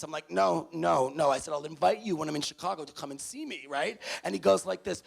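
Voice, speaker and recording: Animated, gravelly New storyteller man. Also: fairly high pitch, quick pace, few pauses. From New York City. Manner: animated, acts out every character's voice. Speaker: motivational speaker. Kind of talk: storytelling keynote to students. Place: large hall with audience.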